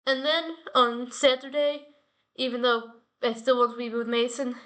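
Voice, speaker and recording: She runs her own daily talk show as a casual solo vlog, wandering between subjects in a playful, chatty way. Her voice leans high and a bit bright, with fairly even intonation and a moderate pace.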